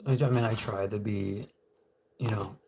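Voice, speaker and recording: A man's voice: on the low side, steady tone, normal speed, warm tone, slight background noise. A man hosting a casual solo livestream from home, rambling and muttering to himself. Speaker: livestream host.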